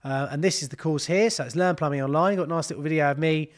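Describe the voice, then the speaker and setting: A man's voice: a little high, quick pace. A man, a plumber chatting casually on a live stream, rambling and swearing freely. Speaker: plumber and channel host.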